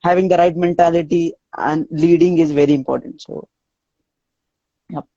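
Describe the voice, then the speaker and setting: A man's voice: on the high side, steady tone, normal speed, mellow, no room sound. A man being interviewed as a student guest on a live video call, giving short, hesitant answers that often repeat. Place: outdoors walking home. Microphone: phone on a video call. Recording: muffled phone call audio.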